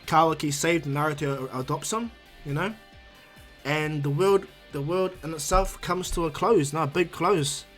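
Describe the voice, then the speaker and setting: A man's voice: on the high side, moderate pace, fairly bright tone, faint music behind. A man casually narrating a fan-made anime story for his channel, rambling, restarting words and adding "you know". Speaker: YouTube storyteller.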